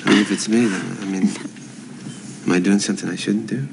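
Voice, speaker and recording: Pleading young husband; low, gravelly, hissy old TV sound. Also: male voice, fairly even intonation, brisk. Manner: earnest, pleading. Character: anxious young husband pleading with his wife. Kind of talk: 1970s TV soap acting. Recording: noisy old TV audio.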